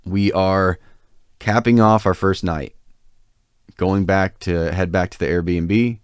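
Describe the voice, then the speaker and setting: A man's voice: low voice, steady tone, takes it slowly, clear, resonant tone, dry recording, studio quality. A man co-hosting a podcast, telling a long anecdote in a casual, rambling way with lots of fillers. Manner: rambling, filler-heavy, self-deprecating. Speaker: podcast co-host. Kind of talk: casual storytelling.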